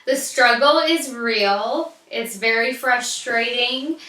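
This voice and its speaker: A woman's voice: on the high side, takes it slowly, sharp tone, far from the mic. An American woman in her thirties, a beauty vlogger chatting casually and gushing as she answers viewer questions. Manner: chatty and gushing, with playful asides. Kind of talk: casual chat. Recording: echoey room, a little off-mic.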